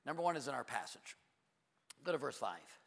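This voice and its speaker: A man preaching a sermon as pastor, telling a story with animated energy and acting out both sides of conversations. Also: medium pitch, fairly quick, vocal fry. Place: church sanctuary. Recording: long church hall reverb.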